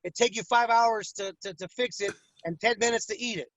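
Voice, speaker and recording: A man's voice: high-pitched, brisk, over a noisy crowd. A man who works as a boxing ring announcer, telling stories in a casual interview and acting out other people's voices. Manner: animated storyteller, acts out fighters' voices. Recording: dull, dry lo-fi audio.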